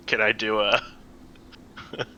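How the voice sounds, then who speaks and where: A man playing a tabletop game, chatting casually and laughing a lot, excitable with quick asides. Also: lowish voice, dull audio, a little hiss or hum. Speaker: player.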